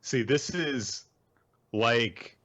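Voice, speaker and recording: A man's voice: medium pitch, very slow, dull audio. A man co-hosting a podcast, chatting casually and rambling through a manga recap with plenty of fillers. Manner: rambling, animated, many fillers. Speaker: podcast co-host.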